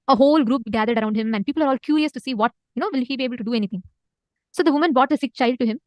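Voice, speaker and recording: A woman's voice: high-pitched, dry recording. A woman with an Indian English accent teaching a live online spiritual session, earnestly urging listeners to respond.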